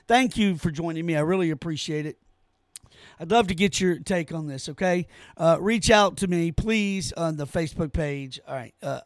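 A man's voice: on the high side, no room sound, studio quality. A man hosting his own opinion podcast, ranting in an exasperated way straight to his listeners. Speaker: podcast host.

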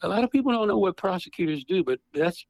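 A man's voice: high voice, expressive, fast talker, vocal fry, a little mellow, no room sound, poor audio. A man in his sixties, a retired prosecutor and guest author, telling stories animatedly over a phone handset. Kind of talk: storytelling interview.

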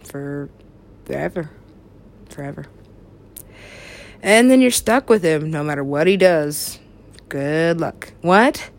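Lady rambling slow and low, giggly, swears a lot, drifts off mid-thought. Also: lively intonation. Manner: meandering, giggly, swears a lot, trails into mumbles. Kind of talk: rambling casual talk.

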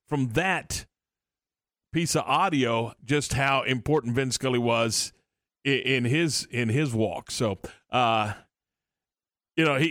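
A man's voice: mid-range voice, fairly bright tone, no echo. A man in the middle of his range hosts a sports talk show, rambling through stories with plenty of restarts and fillers. The studio sound is dry and close. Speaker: sports radio host.

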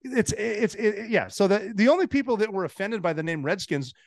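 Dry, animated American man in his forties. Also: high voice, a little fast, creaky, dry recording. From United States. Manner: animated anecdotes with frequent restarts and laughs. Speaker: podcast guest, former Navy SEAL. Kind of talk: casual storytelling chat.

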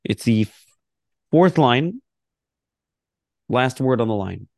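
Gravelly man teaching a prayer lesson. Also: mid-range voice, expressive, slow, a little mellow, no echo, clean studio sound. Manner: conversational, reads prayers aloud with laughs and asides. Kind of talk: casual religious lesson.

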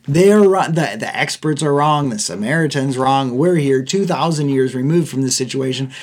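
A young man walks through a Bible passage in a relaxed, chatty way. He laughs easily and keeps asking his listeners whether they are following him. His voice sits at an ordinary middle pitch. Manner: conversational, laughs often, checks in with "okay?" and "right?". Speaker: Bible teacher. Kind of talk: casual Bible teaching.

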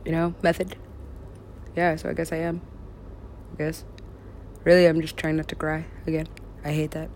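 A woman's voice: deep voice, monotone, normal speed, long pauses, a little mellow, slight background noise. A woman recording herself in a rambling solo monologue, talking to herself and swearing casually. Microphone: self-recorded.

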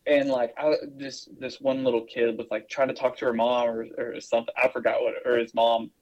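An easygoing man chatting on a podcast in a middle-pitched voice. He rambles through his stories with lots of fillers and restarts, and he keeps the tone casual. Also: level tone, fairly quick, highs cut off. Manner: rambling, filler-heavy storytelling. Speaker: podcast co-host.

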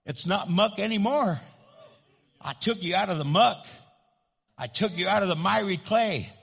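A man's voice: sits high, expressive, moderate pace, vocal fry, a bit bright, slightly rough, long reverb tail. A man preaching a sermon as a pastor, emphatic and leading the congregation in call-and-response.

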